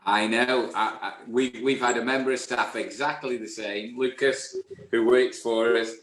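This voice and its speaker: A man's voice: medium pitch, steady tone, moderate pace, fairly bright tone, reverberant, low-quality recording. A man hosting a chat show, friendly and prone to stammered restarts. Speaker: host. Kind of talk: casual chat.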